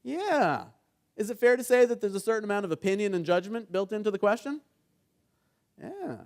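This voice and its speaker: A middle-aged man with a fairly high voice leads a conference workshop on negotiation. He talks to the room in an engaging way and acts out the dialogue in his stories. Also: normal speed. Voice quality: engaging, keeps asking the audience "right?". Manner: animated storytelling, acts out quoted dialogue. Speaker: negotiation trainer and mediator.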